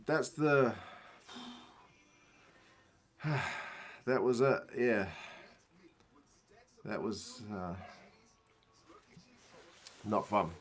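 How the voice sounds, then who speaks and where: A man's voice: on the low side, expressive, very slow, pauses often. Man telling a rambling, self-mocking story. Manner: rambling, self-mocking anecdote with frequent laughs. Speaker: rugby channel host. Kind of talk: casual storytelling during a watch-along.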